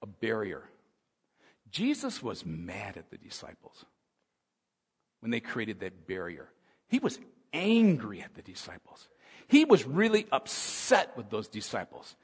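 A man's voice: lowish voice, huge pitch swings, normal speed, breathy edge. Man preaching in an echoing hall. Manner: swings from soft musing to loud urgent preaching. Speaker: pastor. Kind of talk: sermon. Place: church hall. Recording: long hall reverb.

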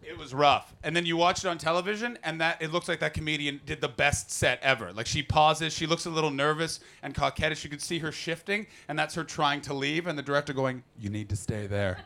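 A young man doing a stand-up comedy set, rambling quickly and shouting into sudden put-on voices. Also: fairly high pitch, steady tone, gravelly. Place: comedy club stage before an audience. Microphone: handheld stage mic.

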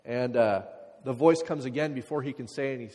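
Male pastor, middle pitch, casual sermon delivery with fillers, recorded in a big hall with long reverb. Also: a little fast. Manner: conversational, many fillers, drops to quiet reflective passages.

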